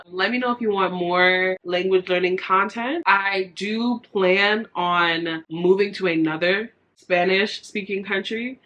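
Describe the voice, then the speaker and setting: A young woman in her twenties talking to camera as a vlogger, earnest and heartfelt, slipping into bits of Spanish. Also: on the low side. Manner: earnest, heartfelt, candid and expressive. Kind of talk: casual vlog talk to camera.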